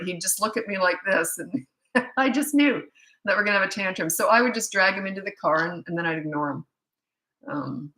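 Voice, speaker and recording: A woman's voice: mid-range voice, bright, forceful tone. A middle-aged woman, a parenting coach answering viewer questions in a rambling, chatty way that often restarts mid-sentence. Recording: roomy echoey room.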